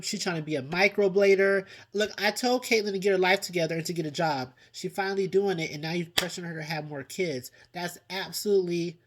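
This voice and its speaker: Give me a chatty man reviewing a reality show for his vlog, reacting dramatically and laughing often. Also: fairly high pitch. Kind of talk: casual commentary vlog.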